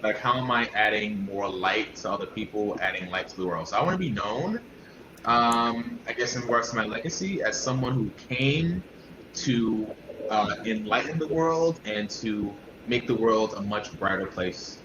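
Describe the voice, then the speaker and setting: A man talking as a podcast guest, animated, repeating phrases for emphasis. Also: lowish voice, normal speed. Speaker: podcast guest, wellness practitioner. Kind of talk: casual podcast interview. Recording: roomy, dull, noisy remote audio.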